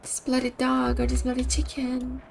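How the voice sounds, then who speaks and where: High-voiced chatty woman streamer. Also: monotone, normal speed, vocal fry, a little hiss or hum. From Brazil. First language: Portuguese. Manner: chatty, upbeat, giggly. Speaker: game streamer. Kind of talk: casual stream chat with game commentary.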